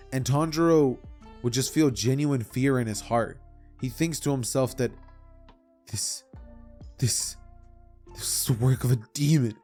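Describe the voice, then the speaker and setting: A young man casually retelling a fan-fiction story for his channel, rambling and animated with side comments. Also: mid-range voice. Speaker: YouTuber.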